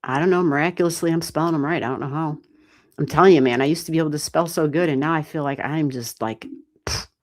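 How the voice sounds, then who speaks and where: A woman giving live astrology readings on a stream, chatty and animated, swearing casually and laughing often. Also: deep voice, fast talker. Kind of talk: casual livestream chat.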